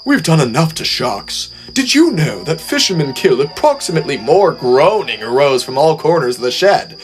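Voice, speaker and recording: A delicate, fussy green engine who speaks earnestly and a little mournfully, as a man reading a story puts him on. His voice sits higher than the narrator's in this storybook reading. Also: big pitch swings, normal speed, soft background music.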